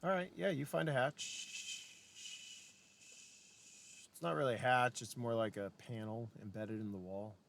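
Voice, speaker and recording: A man's voice: medium pitch, a little slow, vocal fry, long pauses, background noise. A man narrating as game master of a tabletop game, casual and chatty, swearing often.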